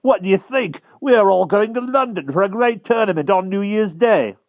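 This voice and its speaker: An eager, boastful young squire-turned-knight with a high, bright, excited voice, as a male storyteller puts him on. It sounds dry and a little lo-fi. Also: normal speed, no room sound.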